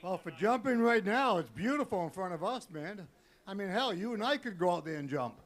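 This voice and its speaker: A man co-commentating at an outdoor water ski event, relaxed and joking, heard from away from the mic. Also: high voice, a little fast.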